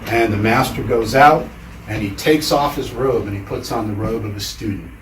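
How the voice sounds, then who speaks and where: A measured male lecturer in an echoey hall. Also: lowish voice, a little hiss or hum. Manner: measured, with deliberate pauses. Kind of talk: storytelling lecture. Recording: roomy hall, mic far off.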